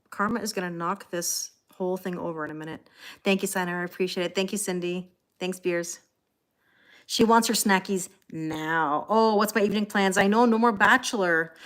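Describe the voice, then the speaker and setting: Brisk and fairly bright, her mid-range voice carries a relaxed chat with live viewers as she hosts a tarot-reading livestream. She thanks people by name and talks to her cats between comments.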